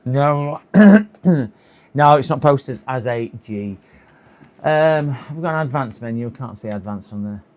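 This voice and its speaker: A tired man with a sore throat speaks a little slowly in a mid-range voice as he fixes a computer on a live stream. His casual commentary mixes muttering to himself, chuckling, and hopeful coaxing.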